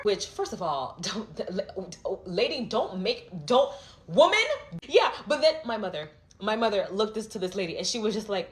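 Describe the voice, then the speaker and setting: Young woman, storytime vlogger, lively swinging pitch, chatty filler-heavy delivery. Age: young adult. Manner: animated, fast-flowing, heavy filler 'like'. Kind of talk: storytime vlog.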